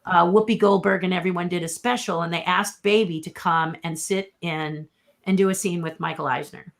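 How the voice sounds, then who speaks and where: Animated middle-aged woman telling stories. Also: fairly low pitch, moderate pace, creaky. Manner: animated storyteller, laughs often, acts out quotes. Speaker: puppeteer and guest. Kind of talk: casual anecdote in an interview.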